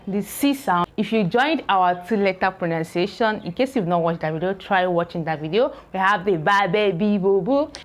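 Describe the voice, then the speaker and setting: A woman teaching English pronunciation, saying each word slowly several times, breaking it into syllables and checking in with "okay?" between explanations. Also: medium pitch. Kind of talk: slow spoken pronunciation lesson.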